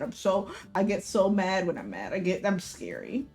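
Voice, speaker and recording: A young adult woman streamer reading a visual novel aloud, giggly and flustered, with loud outbursts. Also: medium pitch, huge pitch swings, moderate pace, gravelly, few pauses, soft background music.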